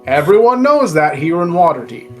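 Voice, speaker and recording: A woman narrating as game master in a relaxed, hesitant way with fillers. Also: on the low side, normal speed, faint music behind.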